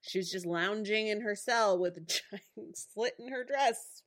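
A woman's voice: medium pitch, unhurried. A woman co-hosting a podcast, chatting casually about a TV episode, laughing often and acting out characters' lines. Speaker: podcast co-host. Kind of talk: casual chat recapping a TV episode.

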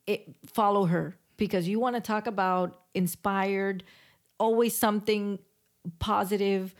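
A woman's voice: mid-range voice, fairly even intonation, measured pace. A woman hosting a podcast in casual chat, enthusiastic and blunt, who swears freely. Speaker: podcast host.

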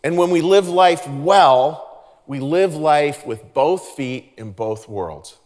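Pastor preaching in an echoing hall. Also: male voice, fairly high pitch, animated, slow, a little mellow. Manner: earnest and conversational, with frequent restarts. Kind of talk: sermon. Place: large church hall. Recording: reverberant church hall.

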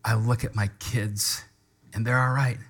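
A man's voice: mid-range voice, steady tone, measured pace, breathy edge. A middle-aged man preaching a sermon as pastor, reading scripture with fervent emphasis and calling the congregation to repeat the words with him. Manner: passionate, rising to loud emphatic scripture reading; leads congregation in call-and-response.

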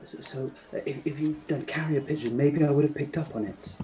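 A man's voice: a little high, a little fast, dark tone, slight background noise, lightly acted. A man playing a smug, stammering film casting director in a comedy sketch. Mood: flippant. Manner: stammering, flippant.

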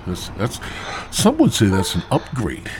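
A man's voice: lowish voice, wildly swooping pitch, measured pace, background noise. A man hosting a podcast, rambling through a crude, profane comic story in a stoned drawl. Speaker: podcast host.

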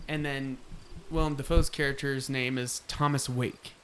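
Podcast co-host, man, mid-pitched, relaxed recapping with easy laughs. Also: normal speed, a little hiss or hum. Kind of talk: casual chat about a film.

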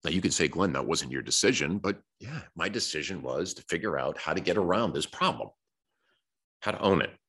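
A man's voice: deep voice, lively intonation, brisk, a bit bright, slightly rough. A man hosting a podcast, giving a blunt, direct motivational talk about sales and telling stories from his own work. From United States. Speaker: podcast host.

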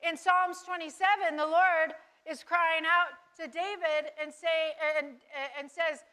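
A woman's voice: extremely high pitch, little pitch movement, unhurried, bright, forceful tone. A woman giving earnest devotional Bible teaching, asking listeners rhetorical questions.

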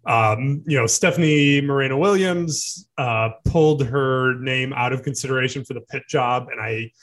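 A man's voice: medium pitch, moderate pace, fairly bright tone. Man analyzing news on a podcast. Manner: teasing, talks through ideas with fillers. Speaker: editor-in-chief, podcast regular. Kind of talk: casual podcast discussion.

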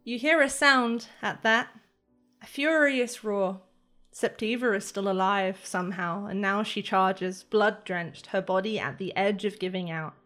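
A woman running a tabletop game, narrating in a dramatic, measured way. Her pace is slow and deliberate at an even mid pitch. Quiet music plays underneath. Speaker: game master.

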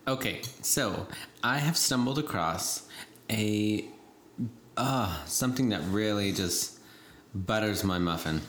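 A man's voice: fairly low pitch, animated, slow pace, a bit bright, roomy sound, slight background noise. A man co-hosting a casual chat, joking and playful. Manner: joking, playful, laughs often.

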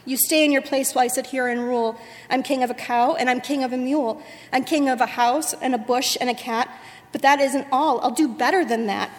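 A woman's voice: high-pitched, a little fast, long reverb tail, close to an everyday voice. A woman voicing a boastful, bossy male turtle king who bellows his orders. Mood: angry. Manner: pompous, bellowing.

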